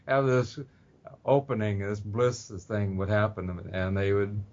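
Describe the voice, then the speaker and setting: A man, a spiritual teacher, speaking as a guest in an interview, unhurried and full of ums and uhs. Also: fairly low pitch, steady tone. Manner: unhurried, many ums and uhs, soft laughs. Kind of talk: relaxed interview talk. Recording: dull lo-fi audio.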